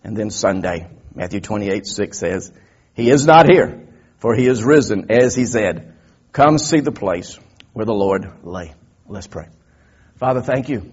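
A male pastor delivers a sermon in an earnest voice, leaning on repeated phrases to build emphasis. His voice is a little husky, and the recording sounds somewhat dull and lo-fi. He reads scripture at a slow, deliberate pace. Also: fairly low pitch, lively intonation, a little mellow. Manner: reads King James scripture slowly and deliberately.

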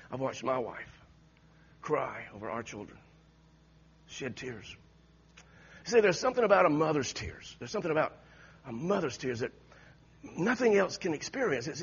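A man's voice: high-pitched, breathy edge, lo-fi sound. A male preacher giving an impassioned sermon with repeated exhortations to the congregation.

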